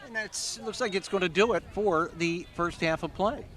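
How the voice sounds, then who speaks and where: Brisk play-by-play man calling football. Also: sits high, a bit bright. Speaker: play-by-play announcer. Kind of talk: football commentary.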